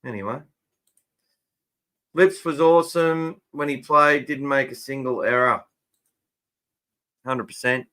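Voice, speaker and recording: A man's voice: medium pitch, pushed and bright. An Australian man hosting a casual fan podcast, chatting and answering listener comments. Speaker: podcast host.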